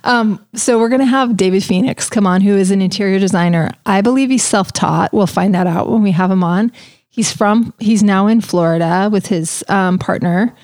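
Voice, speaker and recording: A woman's voice: mid-range voice, moderate pace, a little mellow, dry recording, clean studio sound. A woman hosting a podcast, chatting casually and telling stories in a bubbly way. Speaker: podcast host. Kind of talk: casual chat.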